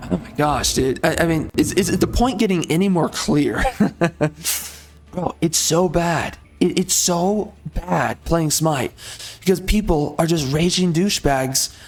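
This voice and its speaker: A man with a slightly higher-than-usual voice rants over his gameplay. He rambles and stumbles, restarting sentences as his frustration builds. His talk stays loose and unscripted, full of filler words. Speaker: gameplay commentator. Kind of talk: ranting commentary over gameplay.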